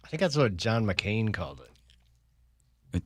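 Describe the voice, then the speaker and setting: A man's voice: lowish voice, sing-song, slow, husky, no room sound. A man co-hosting a radio show in a studio, chiming in with short, dry, teasing remarks. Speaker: radio co-host. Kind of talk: casual talk radio banter.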